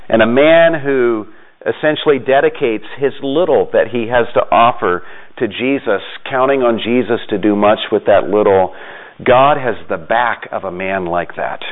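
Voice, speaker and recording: A man's voice: mid-range voice, moderate pace. A middle-aged man giving an earnest, encouraging devotional talk to fathers, in a conversational manner with frequent restarts. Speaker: Christian speaker encouraging fathers. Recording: tinny, phone-like lo-fi sound.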